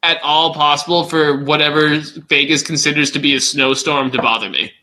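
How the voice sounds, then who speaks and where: A man in casual podcast chat, joking and animated, often stumbling over his words. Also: a little high, moderate pace.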